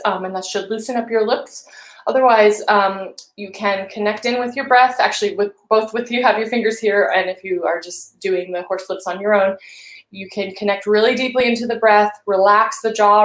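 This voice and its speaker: Encouraging female vocal coach, roomy sound. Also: medium pitch. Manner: gentle, encouraging guidance with hums and sung syllables. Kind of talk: live-streamed vocal warm-up instruction. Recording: roomy echo.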